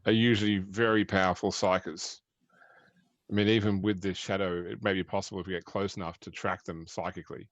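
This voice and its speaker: Male player, fast talker, lowish pitch, rules-minded. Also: level tone, no room sound, highs cut off. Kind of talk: tabletop game table talk.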